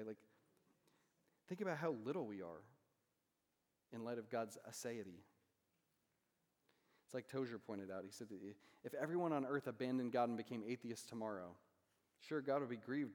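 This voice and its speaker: Conversational preacher in a reverberant hall. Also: male voice, mid-range voice, expressive, a little fast, pauses often, darkish tone. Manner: conversational, asks "right?" often. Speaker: pastor. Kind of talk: sermon.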